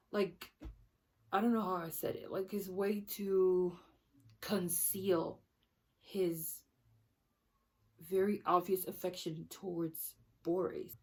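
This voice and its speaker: A woman with a fairly low voice discusses a book at a slow, unhurried pace. She talks in a casual, thoughtful way, pausing to search for words and often backing up to restart a phrase. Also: darkish tone. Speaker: book vlogger.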